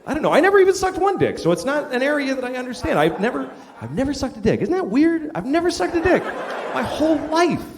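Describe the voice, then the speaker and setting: A man's voice: extremely high pitch, sing-song, quick pace. A male stand-up comedian on stage, telling a profane, incredulous story to a live audience. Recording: live show with loud laughter and hiss.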